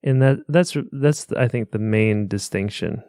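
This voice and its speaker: A man's voice: lowish voice, a little slow, dark tone, smooth, no echo, clean studio sound. A man co-hosting a podcast in casual chat, explaining points plainly and laughing easily. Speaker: podcast co-host.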